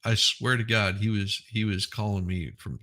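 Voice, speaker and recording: A man's voice: on the low side, fairly even intonation, normal speed, bright, forceful tone. A man hosting a casual, opinionated news commentary show, talking bluntly and often repeating himself. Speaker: host of a news commentary channel.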